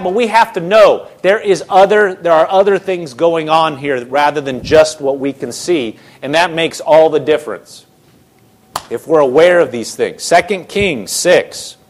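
A man preaching a sermon, retelling a scripture story in casual, animated voices. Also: on the high side.

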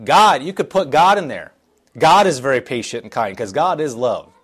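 A man's voice: medium pitch, animated, normal speed, a bit bright, husky. A middle-aged man preaching a sermon in a church, reading scripture aloud and explaining it in a conversational, earnest way with frequent restarts. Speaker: pastor.

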